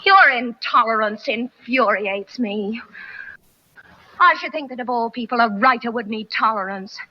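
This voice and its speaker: A woman's voice: a little high, unhurried. An actress with a Mid-Atlantic accent playing an indignant woman who scolds a writer, in 1940s film acting. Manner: indignant, clipped. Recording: dull old film soundtrack.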